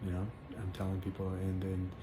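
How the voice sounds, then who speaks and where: A man sharing a personal religious testimony in casual spoken storytelling, earnest and halting, with many fillers and repeated words. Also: low-pitched, completely flat delivery. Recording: echoey room with faint background noise.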